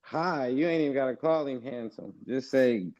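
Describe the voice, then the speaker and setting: A man in casual podcast chat, laid back and quick to agree. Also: mid-range voice, highs cut off, over a noisy crowd.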